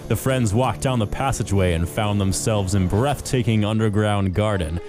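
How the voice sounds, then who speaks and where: A man's voice: on the low side, unhurried, music in the background. A man co-hosting a podcast, chatting casually and narrating a children's story in a sinister movie-trailer style. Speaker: podcast co-host.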